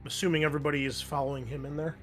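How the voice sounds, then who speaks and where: A man's voice: on the high side, little pitch movement, racing, soft background music. Laid-back man running a tabletop game. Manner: casual, many fillers and restarts. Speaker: game master.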